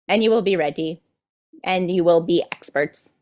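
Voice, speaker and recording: A woman's voice: on the low side, moderate pace, darkish tone. A woman channeler delivering a spiritual message as a collective "we", playful and enthusiastic, often checking in with her listeners. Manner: teasing, checks in with "do you see?".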